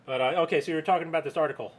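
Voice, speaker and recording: A man's voice: a little high, racing. A man co-hosting a casual podcast, chatty and joking, laughing often. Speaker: podcast co-host. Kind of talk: casual chat.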